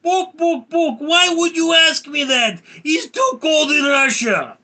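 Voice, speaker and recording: A man voicing a clucking chicken with a Russian accent, high and shouty. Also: animated, slow, full character voice. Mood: indignant.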